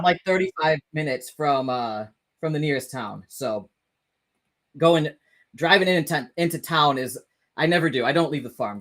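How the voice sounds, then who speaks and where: On a casual live stream, a male host with a little high voice and fairly bright tone reads comments and talks loosely with viewers. Rambling and self-correcting, he stumbles over words and swears casually. The audio is poor.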